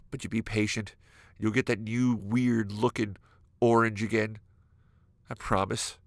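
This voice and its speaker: Male comedic podcast host, gravelly edge, dry close sound, animated storytelling. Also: on the low side, no room sound. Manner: animated, exaggerated, acts out imagined dialogue. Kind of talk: comedic solo podcast monologue. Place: California.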